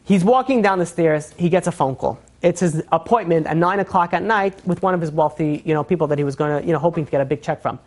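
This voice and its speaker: A man, a rabbi, telling a story in a sermon with lively energy, acting out the people in the tale and filling his talk with fillers and restarts. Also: a little high, fast, hardly any pauses.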